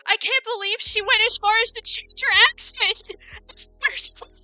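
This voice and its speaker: A woman's voice: extremely high pitch, steady tone, moderate pace, sharp tone, no room sound, faint music behind. A young American woman with an American accent, giving an opinionated, rambling livestream rant full of fillers. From United States. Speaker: streamer.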